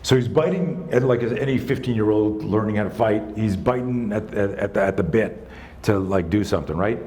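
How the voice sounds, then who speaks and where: A man in his sixties, a self-defense instructor telling a story in a live talk, animated, conversational and profane. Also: on the low side, normal speed. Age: 60s.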